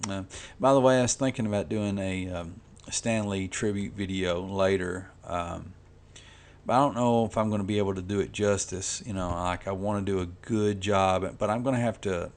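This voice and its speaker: Gravelly low-voiced man rambling. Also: normal speed. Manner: rambling, full of "you know" and restarts. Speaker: comic artist vlogger. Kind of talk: casual rambling talk while coloring.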